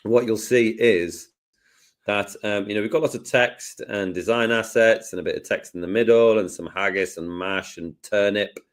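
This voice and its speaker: A man hosting a casual live software lesson, jokey and self-deprecating as he talks through each step. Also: on the low side, normal speed. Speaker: host, design tutor.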